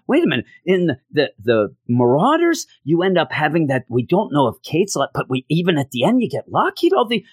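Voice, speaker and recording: A man talks comics on his podcast in a casual, exasperated way, his pitch bouncing all over as he mocks the plot. He slips into silly voices to act out scenes. The sound is dry and close, with no room around it. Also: fairly quick, hardly any pauses, slightly rough, no echo. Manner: animated, acts out scenes in mock voices; sarcastic and exasperated. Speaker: podcast host. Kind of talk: casual comic book review.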